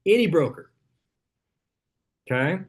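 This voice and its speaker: Leading a real estate team training, a man with a fairly high, husky voice speaks slowly but animatedly. His coaching is punchy, and he keeps asking "okay?" after each point.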